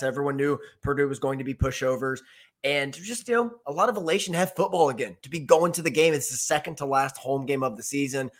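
A young American man, engaged to be married, co-hosting a sports podcast in relaxed, filler-heavy talk. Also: mid-range voice. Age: young adult. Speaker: podcast co-host. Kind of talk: casual sports podcast chat.

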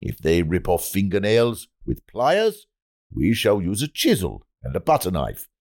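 A man's voice: deep voice, huge pitch swings, measured pace, darkish tone, voice pushed down, heavily acted. A man voicing a pompous male government minister giving a solemn, mock-official speech.

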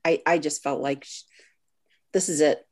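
A woman's voice: deep voice, steady tone, moderate pace, a little mellow. A woman author being interviewed, talking earnestly and thoughtfully over a video call.

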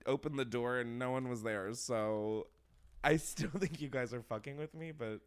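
A young man hosting a podcast, chatting casually in a gossipy, animated way, laughing often and saying "like" a lot. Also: mid-range voice, normal speed, clean tone. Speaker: podcast host. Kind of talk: casual chat.

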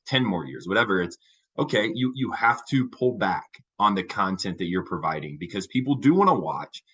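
A man co-hosting a casual podcast chat, talking in a thoughtful, measured way with frequent fillers and restarts. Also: fairly low pitch, bright, forceful tone, slightly rough, lo-fi sound. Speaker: podcast co-host.

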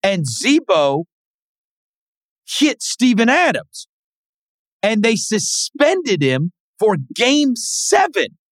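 Animated man with a lively, jumpy voice. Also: drawn-out words, long pauses, no room sound, clean studio sound. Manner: animated storyteller, jumps into high mimicking voices. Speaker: podcast co-host. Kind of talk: casual sports talk.

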